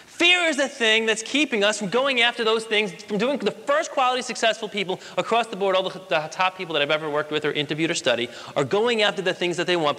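A man's voice: high-pitched, pushed and bright. A man in his late twenties giving an emphatic motivational speech to an audience in a large hall, asking rhetorical questions. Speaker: motivational speaker. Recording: long hall reverb.

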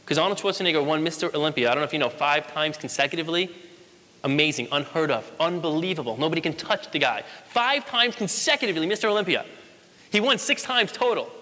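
A man's voice: a little high, lively intonation, fast talker, bright, forceful tone. A man in his late twenties giving an emphatic motivational speech to an audience in a large hall, asking rhetorical questions. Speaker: motivational speaker. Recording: long hall reverb.

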